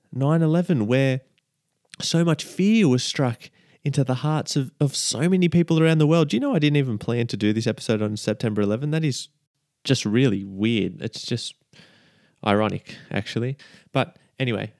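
A man's voice: medium pitch, darkish tone, dry recording, clean studio sound. A man hosting a casual devotional podcast, chatty and repeating his key lines as he checks in with listeners. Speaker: podcast host.

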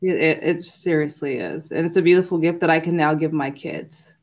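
A woman's voice: low voice, brisk. Earnest young mother on a dull line. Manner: earnest, reflective. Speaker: podcast guest. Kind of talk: casual interview chat.

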